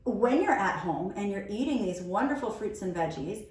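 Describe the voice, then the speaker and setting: A young woman teaching preschoolers on video, gently sounding out words slowly and patiently as she plants seeds with a child. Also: medium pitch, lively intonation. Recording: very echoey room, mic far off.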